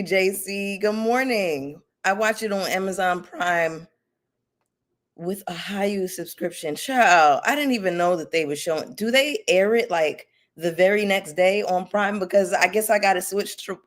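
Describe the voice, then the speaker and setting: A woman hosting a casual live stream, sassy and animated as she greets her viewers by name and rants about reality TV. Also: mid-range voice, measured pace. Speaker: YouTube commentary host.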